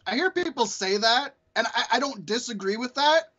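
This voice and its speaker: Very high-pitched and sharp in tone, a male podcast co-host speaks expressively at a moderate pace. His casual chat is rambling and profane, full of laughter. The audio is dull.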